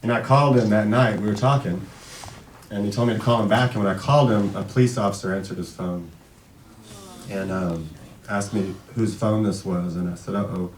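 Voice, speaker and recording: A man in his thirties giving an emotional tribute speech at a memorial event, halting and full of restarts, sometimes fighting back tears. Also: lowish voice, fairly even intonation, slight background noise. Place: event hall. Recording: echoey hall, far from the mic.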